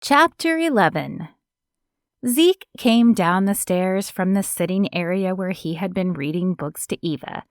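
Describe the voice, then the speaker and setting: In this scripted audiobook narration, a woman speaks in a mid-range voice, telling the story in a measured, even manner. The sound is clean studio audio with no echo.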